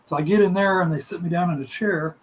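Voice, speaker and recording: A middle-aged man telling a casual, animated story, laughing and acting out other people's voices. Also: high voice, fast, a little hiss or hum, poor audio. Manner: animated, laughing, acts out voices in his stories.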